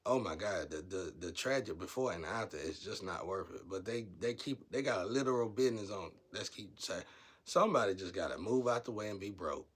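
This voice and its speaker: A man giving a casual spiritual monologue, rambling and blunt, turning preachy and loud when heated. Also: fairly low pitch, expressive, fairly quick, slightly rough.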